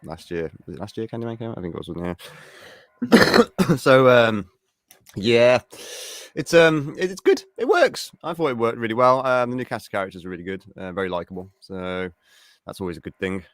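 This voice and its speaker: A man's voice: mid-range voice, expressive, a little fast, no room sound, clean studio sound. A man from the West Midlands with a West Midlands English accent, hosting a casual live-stream chat and saying mate a lot. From England, West Midlands. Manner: chatty, says mate a lot. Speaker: show host.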